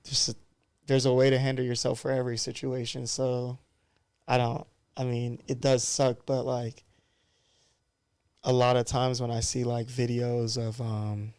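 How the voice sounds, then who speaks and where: A man's voice: mid-range voice, completely flat delivery, measured pace, darkish tone, smooth, dry recording, clean studio sound. A man in his thirties, a barber guest on a podcast, talking in a candid, loose and reflective way. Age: 30s. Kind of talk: casual podcast conversation.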